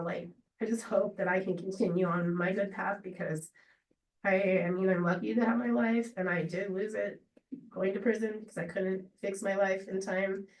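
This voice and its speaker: A woman's voice: medium pitch, a little hiss or hum. Rambling woman, distant roomy sound. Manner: halting and rambling, many fillers and restarts. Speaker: friend giving a memorial tribute. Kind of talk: emotional unscripted memorial speech. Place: memorial gathering room. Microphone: distant laptop or room mic on a video call. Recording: roomy, distant video-call audio.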